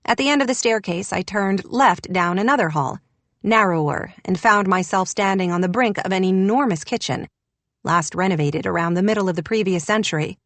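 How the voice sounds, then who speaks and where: A woman's voice: mid-range voice, a little fast, a bit bright, no room sound. A woman reading an audiobook in a wry, descriptive narration. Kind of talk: scripted narration.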